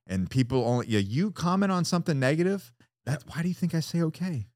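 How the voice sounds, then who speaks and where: A man guest on a casual podcast, profane and animated, often acting out what others said. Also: on the high side, fast talker, dry recording, clean studio sound. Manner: profane, animated, acts out quotes. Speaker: guest, former Marine.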